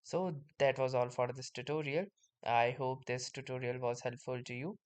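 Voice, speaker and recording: A man narrates a screen-recorded software tutorial in a steady, explanatory way. His voice is smooth and clear, sitting at an ordinary middle pitch, and he starts many sentences with "so". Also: normal speed. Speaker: tutorial host.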